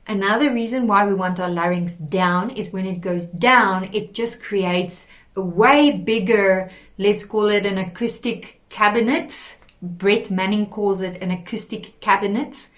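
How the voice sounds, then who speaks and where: Slow patient lady vocal coach, explains then sings the warm-ups. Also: medium pitch. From South Africa. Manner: slow, patient, demonstrates with sung exercises. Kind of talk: singing lesson.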